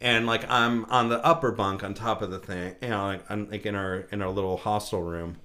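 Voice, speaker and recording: A young man spins a rambling story, stuffing it with "like" and "you know". He laughs through it and acts out what he said back then. His pitch swings widely. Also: expressive, a little fast, hardly any pauses, sharp tone. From United States. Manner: laughs while telling, acts out his own lines. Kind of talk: casual storytelling chat.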